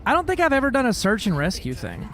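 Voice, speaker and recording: A man's voice: very high-pitched, wildly swooping pitch, quick pace, fairly bright tone. A man streaming a space game, chatting casually with viewers in a joking, profane way. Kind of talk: casual gaming livestream chat.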